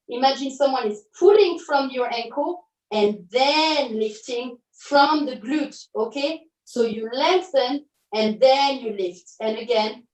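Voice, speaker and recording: A woman with a high voice teaches an online pilates class, cueing each move and counting reps brightly. She corrects herself with quick asides as she goes. Her voice sounds roomy and comes from a little way off the mic. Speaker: pilates instructor. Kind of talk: online fitness class instruction. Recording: roomy audio from a distance.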